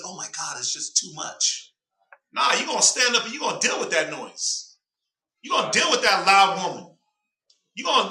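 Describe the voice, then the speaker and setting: Bright-voiced man teaching a Bible class. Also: high-pitched. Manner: preachy, emphatic, prompts the reader. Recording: roomy sound from a distant mic.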